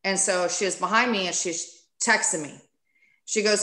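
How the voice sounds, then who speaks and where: A woman guest on a podcast, candidly telling a personal story in a casual, animated way and acting out what people said. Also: medium pitch, normal speed, roomy sound. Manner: candid, animated, acts out quoted speech.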